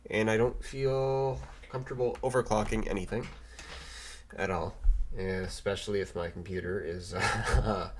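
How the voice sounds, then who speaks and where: A man's voice: medium pitch, animated, normal speed, a little hiss or hum. A young man ranting casually on a vlog, rambling and stammering with many restarts and fillers, swearing now and then. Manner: mock voices for quoted people. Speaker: vlogger. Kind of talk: casual rant to camera.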